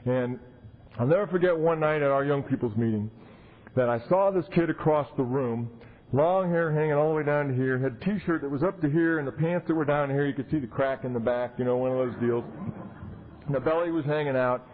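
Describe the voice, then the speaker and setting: Animated man telling his recovery story. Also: mid-range voice, brisk. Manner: animated, acts out the people he quotes. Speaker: convention speaker. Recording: tinny 1990s tape recording.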